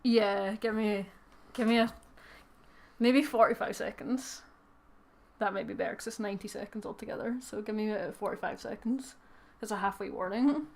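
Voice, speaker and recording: A young Scottish woman doing a fast, joking recap of an episode in casual chat, swearing and quoting characters as she goes. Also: medium pitch. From Scotland. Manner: casual and giggly, swearing, mimicking characters in quick asides. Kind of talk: rapid-fire comedic recap.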